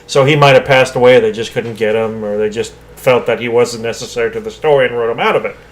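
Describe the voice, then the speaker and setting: A man's voice: mid-range voice, quick pace. A man co-hosting a podcast, chatting casually and opinionatedly about an old movie, swearing freely. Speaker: podcast co-host.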